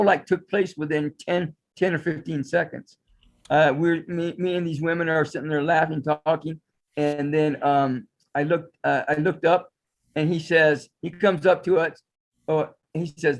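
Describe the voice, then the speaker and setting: A man, a psychic astrologer, telling his story as a guest in a casual interview, in a meandering way. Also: fairly high pitch.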